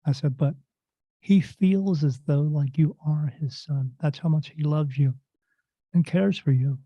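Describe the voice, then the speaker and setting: A man's voice: on the high side, dry recording, muffled recording. A man who works as a medium, telling stories casually in an interview and acting out the voices of the people in them. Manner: animated storyteller acting out quoted voices.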